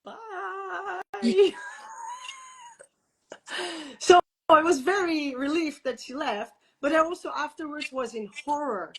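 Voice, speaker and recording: A woman's voice: high voice, moderate pace, hardly any pauses, fairly bright tone. A woman guest in an interview, telling a personal story candidly, with frequent laughter, restarts and fillers.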